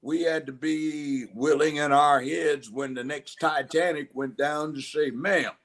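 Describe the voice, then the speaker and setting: A man's voice: on the high side, fairly even intonation, measured pace. A man in his seventies from Los Angeles, speaking as a guest in a conversational interview, emphatic and given to acting out voices in his stories. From Los Angeles, United States. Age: 70s. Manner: emphatic storyteller who acts out voices.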